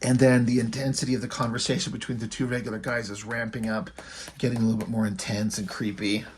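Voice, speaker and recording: A man's voice: medium pitch, little pitch movement, fast, slight background noise. A man casually recapping a comic book, loose and rambling, full of asides and fillers. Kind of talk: casual commentary.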